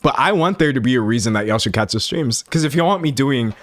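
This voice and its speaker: A man's voice: medium pitch, lively intonation, fast talker, slight background noise. A young man from South Central Texas with a Texan drawl, chatting casually and joking on a livestream. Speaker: streamer.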